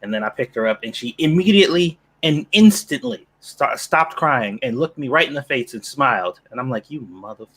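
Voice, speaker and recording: A man's voice: mid-range voice, animated, moderate pace, few pauses, fairly bright tone, slightly rough. Amused man telling a story. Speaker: co-host. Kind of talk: casual podcast chat.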